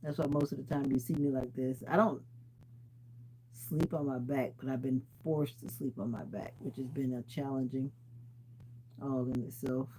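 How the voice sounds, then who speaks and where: A woman's voice: extremely low pitch, normal speed, background noise. A woman from Jamaica chatting casually on a livestream, answering viewers' comments and laughing often. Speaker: livestream host. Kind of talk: casual live-stream chat.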